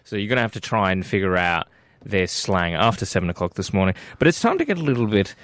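Man, Australian accent, radio host, lively pitch, chatty, laughing. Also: quick pace, hardly any pauses, soft background music. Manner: animated, laughs often. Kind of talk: casual breakfast radio banter.

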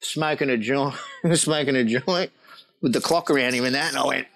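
A man's voice: mid-range voice, moderate pace, vocal fry, poor audio. An Australian man telling rowdy stories in casual chat, swearing, laughing and acting out what people said. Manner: animated, swearing, laughing, acting out quoted voices.

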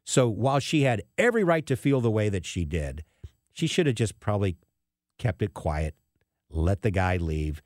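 Radio talk guy, low voice, super lively, dry close studio sound. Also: moderate pace, no room sound. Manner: animated, emphatic storyteller. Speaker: radio talk show host. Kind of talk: casual radio storytelling.

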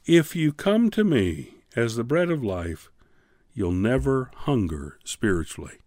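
A man teaching a Bible class on the radio, preaching in a fervent, pleading way with slow, emphatic pauses. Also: medium pitch, big pitch swings, a little mellow, no echo, studio quality. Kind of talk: radio sermon.

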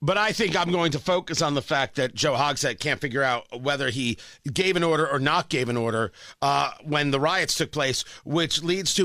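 A man's voice: a little high, expressive, normal speed, sharp tone, no echo, clean studio sound. A man hosting a talk radio show, delivering an opinionated monologue in a combative, sarcastic way with emphatic repetition.

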